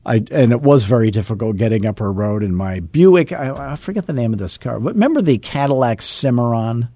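Warm-voiced man in his sixties telling stories. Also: mid-range voice, brisk, no room sound. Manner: animated, acts out quoted dialogue; self-deprecating, chuckles often. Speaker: real estate coach. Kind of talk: casual storytelling on a coaching call.

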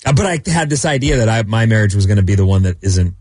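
A man's voice: fairly low pitch, lively intonation, fast talker, a little mellow, slightly rough, no room sound. A middle-aged man co-hosting a radio show, tossing out dry, wry quips in casual banter.

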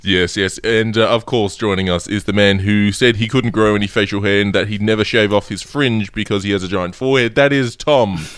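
A man hosting a pop culture podcast in casual chat, joking and rambling, his voice made deep and demon-like by a strange microphone. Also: fairly even intonation, brisk, few pauses, a bit bright, clear, resonant tone, no room sound. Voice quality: deep, demon-like through a distorted mic. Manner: joking, rambling, laughs often. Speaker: podcast host.

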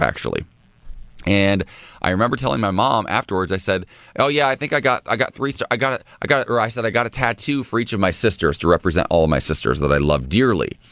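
A man's voice: sits low, vocal fry, a bit bright, no echo. A man co-hosting a morning radio show, chatting animatedly and laughing often. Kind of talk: casual radio banter.

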